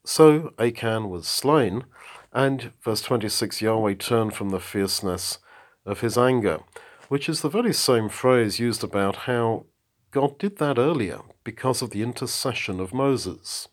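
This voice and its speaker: A man's voice: mid-range voice, expressive, unhurried. A man giving a spoken Bible commentary, reading verses aloud and then explaining them in a thoughtful, reflective way. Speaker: Bible teacher.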